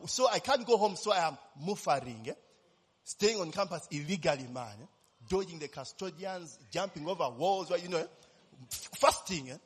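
A man's voice: high-pitched, breathy edge, long reverb tail. A man, preaching a sermon as personal testimony, telling his story animatedly and constantly tossing in tag questions.

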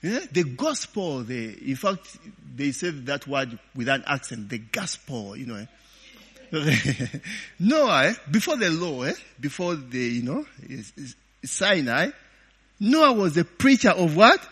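Slow, bright-voiced man preaching in a reverberant hall. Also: fairly high pitch, sing-song, husky. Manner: chatty, laughing asides, many "eh?" and "okay?" tags; call-and-response questions to the audience. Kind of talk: sermon.

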